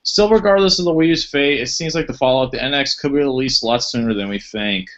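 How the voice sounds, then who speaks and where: A man's voice: mid-range voice, quick pace. Man reading gaming news on a podcast. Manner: steady, reads out articles. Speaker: podcast host. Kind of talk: casual chat, reading news. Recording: dull lo-fi sound.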